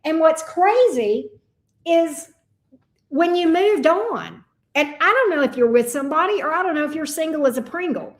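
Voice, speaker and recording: High-voiced blunt woman tarot reader. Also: lively intonation, moderate pace. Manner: blunt, profane, folksy sayings. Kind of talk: casual astrology reading chat.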